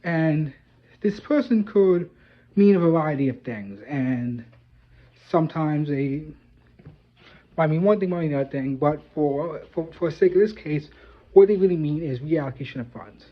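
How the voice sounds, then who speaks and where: A man's voice: on the high side, expressive, normal speed. A man hosting his own video, explaining ideas in a thoughtful, loose way with many filler phrases. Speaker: video host. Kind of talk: casual commentary to camera. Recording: dull lo-fi audio.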